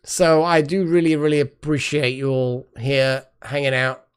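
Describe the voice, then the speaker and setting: A woman's voice: rumbling low, flat delivery, a little slow, clear, resonant tone. A woman hosting a live stream, rambling casually as she thanks her chat viewers one by one. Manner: trailing off with fillers and restarts. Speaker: livestream host.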